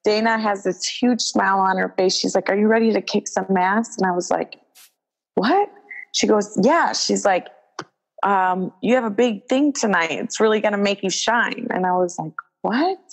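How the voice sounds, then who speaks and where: A young woman talks through a backstage story as an interview guest. She is lively and casual and slips into the voices of the people she quotes. Her "like" fillers run all through it, and her pitch sits mid-range for a woman. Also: moderate pace, rough recording. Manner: animated, acts out quoted dialogue, many "like" fillers. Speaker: guest, wrestler.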